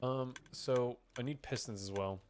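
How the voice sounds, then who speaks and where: A man's voice: mid-range voice, measured pace, a little mellow, slight background noise. A young man streaming a game, chatting casually and reading chat aloud, rambling and swearing, with keyboard typing behind him.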